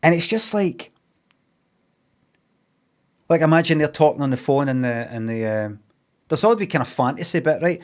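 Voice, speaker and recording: A man's voice: on the high side, animated, a little fast. A man with a Scottish accent recapping a film in a casual, rambling way, swearing freely and filling gaps with ums and asides. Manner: sweary, meandering, with lots of fillers and asides. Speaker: streamer reviewing a film.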